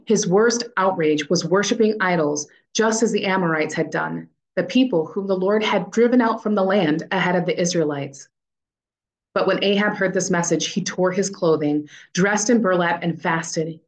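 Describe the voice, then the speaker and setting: A woman reading a Bible passage aloud as host of a daily reading plan, in a clear, measured way. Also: fairly low pitch. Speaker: scripture reader and podcast cohost.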